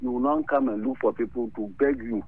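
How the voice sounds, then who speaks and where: A man calling in to a radio show, giving animated advice and switching between his local language and English. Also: mid-range voice, brisk, creaky, faint music behind. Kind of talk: radio call-in talk. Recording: lo-fi radio broadcast.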